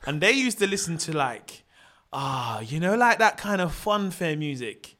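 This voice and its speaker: A man chatting casually, telling animated stories full of slang and laughter. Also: fairly high pitch, a little slow. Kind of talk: casual chat.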